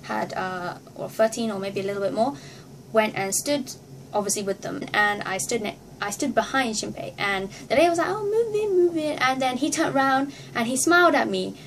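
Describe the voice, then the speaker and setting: A woman vlogger telling a story to camera in a casual, excitable way, acting out her reactions and laughing often. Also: mid-range voice, brisk, a little hiss or hum.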